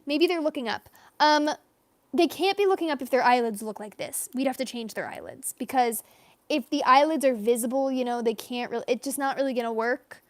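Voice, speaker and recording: Her voice high-pitched and brisk, a young woman draws live while chatting casually with her audience, rambling and voicing comments aloud. The recording is dry.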